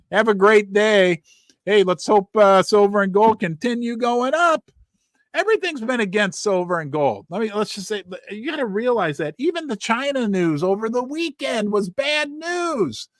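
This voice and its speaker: Hosting a casual livestream, a middle-aged man calls out viewer names and places in rapid, animated spurts, his fairly high pitch rising and falling widely. The recording is close and dry.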